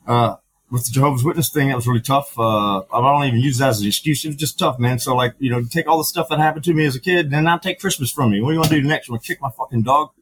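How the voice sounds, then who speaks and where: A man's voice: medium pitch, rapid-fire, fairly bright tone, slightly rough, rough recording. A middle-aged man, a podcast guest, telling his story candidly, with frank, profane talk full of fillers and restarts.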